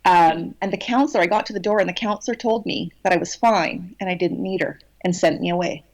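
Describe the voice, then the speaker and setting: A woman telling a personal story in a podcast interview, cheeky and animated, with many restarts. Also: fairly low pitch, brisk. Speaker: guest channeler.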